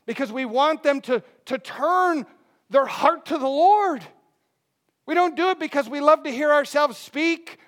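Man, very high voice, pastor, sermon, reads scripture, loud and hushed by turns. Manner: swings from loud, emphatic peaks to soft, hushed lines; reads scripture aloud and explains it.

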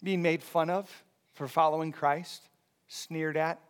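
High-voiced man preaching a casual sermon. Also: slow pace, smooth. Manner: conversational, animated, often asking "right?". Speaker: pastor.

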